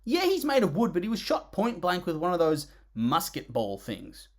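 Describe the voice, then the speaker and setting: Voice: medium pitch, huge pitch swings, moderate pace. A film reviewer narrating a comedic review in a sarcastic, exasperated way, groaning and sighing in disgust.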